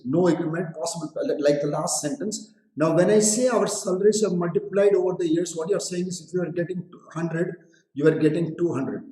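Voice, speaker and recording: Mellow Indian English teacher, echoey room. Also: male voice, a little high. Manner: explains patiently, repeats phrases, mixes in Hindi; addresses students directly with questions. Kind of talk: live online English lesson.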